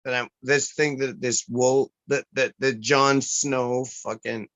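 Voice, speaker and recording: Man, slow bright voice, joking casual chat, dry close sound. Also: mid-range voice, steady tone, no echo. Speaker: show regular. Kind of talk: casual chat over beers.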